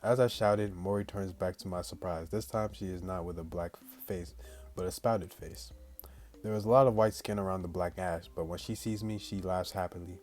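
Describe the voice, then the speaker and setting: Deep-voiced man reading a game aloud. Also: steady tone, moderate pace, a little mellow, faint music behind. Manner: plain read-aloud, breaks off into slangy chat to viewers. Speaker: gaming channel host. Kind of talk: reading visual novel text aloud with casual asides.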